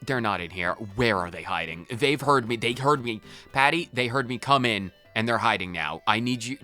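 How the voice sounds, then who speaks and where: Exasperated ranting man, lively bright voice. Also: medium pitch, moderate pace, few pauses, soft background music. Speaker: let's play streamer. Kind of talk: in-character role-play commentary.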